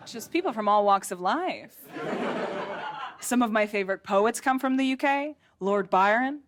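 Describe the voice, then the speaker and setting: Woman, stand-up comic, from Russia, sarcastic, animated pitch, stage mic, laughing crowd clearly heard. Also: slow, long pauses, heavy background noise. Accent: American-learned English. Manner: lively, sarcastic, acts out quotes. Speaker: stand-up comedian. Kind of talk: stand-up comedy set. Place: theatre stage before a laughing audience. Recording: audience laughter clearly audible.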